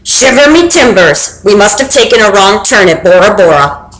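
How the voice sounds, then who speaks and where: A woman's voice: mid-range voice, lively intonation, moderate pace, noisy background, lightly acted. Woman putting on a blustering pirate captain. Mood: hearty. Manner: hearty, bellowing pirate talk. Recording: roomy echo.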